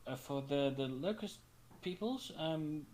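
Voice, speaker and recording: A man's voice: a little high, lively intonation, unhurried, darkish tone, a little hiss or hum. A man playing in a tabletop game, explaining rules and lore matter-of-factly. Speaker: player. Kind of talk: casual tabletop game play.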